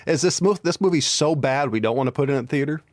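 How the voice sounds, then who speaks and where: A man's voice: medium pitch, quick pace, no echo. A man co-hosting a podcast, reading out news items and asking wry, teasing questions in casual chat. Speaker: podcast co-host.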